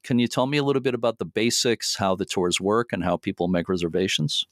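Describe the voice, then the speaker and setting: Male podcast host, low-pitched, easygoing, dry close sound. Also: quick pace, dry recording. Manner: relaxed, friendly, with frequent fillers. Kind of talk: casual podcast chat.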